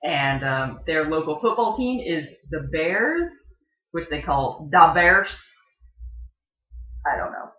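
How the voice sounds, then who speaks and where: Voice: mid-range voice, very animated, measured pace. Chatty presenter with echoey, dull sound. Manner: chatty, filler-heavy, mimics regional pronunciations. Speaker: video presenter. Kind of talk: casual explainer talk. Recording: dull, echoey home recording.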